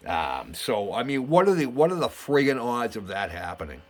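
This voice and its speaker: A middle-aged man hosting a model building vlog, telling a story in a chatty, excitable way with lots of fillers and restarts. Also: mid-range voice, normal speed. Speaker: model building channel host.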